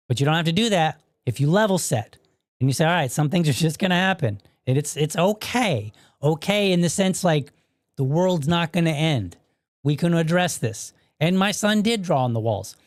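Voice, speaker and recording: Guy in his 30s doing his own podcast, kinda high voice, dry mic, keeps going "right? okay?". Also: dry recording. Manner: conversational, explains with rhetorical questions and restarts. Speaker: podcast host. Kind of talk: casual solo commentary.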